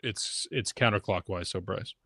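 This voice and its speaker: A man hosting a casual sports betting podcast, briskly running the draft order and teasing his co-hosts. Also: lowish voice, fairly bright tone, no echo. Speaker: podcast host.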